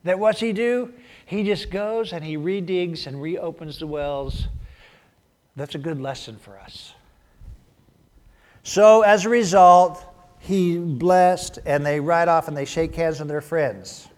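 A man preaching a sermon, telling the story in an animated way that swings from loud bursts to hushed asides. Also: fairly high pitch, takes it slowly. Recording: long hall reverb.

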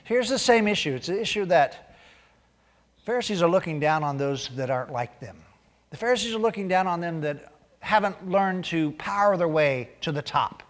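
A man preaching a sermon, reading scripture aloud and growing loud and emphatic as he drives points home. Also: high-pitched, animated, normal speed, big-room sound. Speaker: pastor.

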